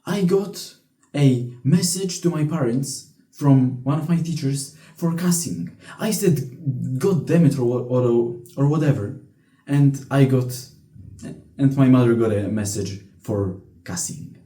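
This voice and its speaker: Young man ranting, very dark tone. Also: mid-range voice, slow pace. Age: young adult. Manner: blunt, profane, frequent restarts. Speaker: vlogger. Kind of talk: casual storytelling rant. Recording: echoey room.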